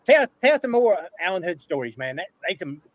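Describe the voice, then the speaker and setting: High, quick man chatting. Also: big pitch swings. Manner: easygoing, prompting. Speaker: guest. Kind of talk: casual chat.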